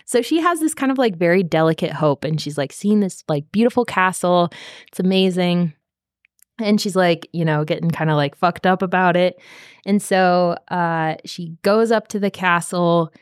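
Podcast co-host, woman, low pitch, swears freely, rambling filler-heavy recap, dry sound. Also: normal speed, no echo. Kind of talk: casual book-club chat.

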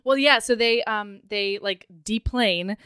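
A woman in casual conversation, recapping a story with dry asides and quick corrections. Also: mid-range voice, a bit bright, clean tone, dry recording. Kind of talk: casual chat.

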